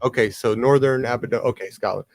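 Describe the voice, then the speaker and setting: A man's voice: mid-range voice, fast talker, gravelly, no echo. A man co-hosting a casual online chat, wisecracking and pressing with follow-up questions. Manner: wisecracking, asks pointed follow-ups.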